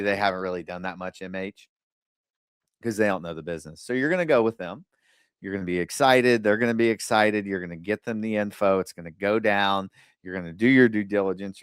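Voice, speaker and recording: A man hosting a podcast, giving casual advice in a blunt, animated way with the odd curse word, acting out other people's lines in quick asides. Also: fairly low pitch, smooth, no room sound, studio quality. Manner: blunt, animated storytelling with occasional swearing. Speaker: podcast host.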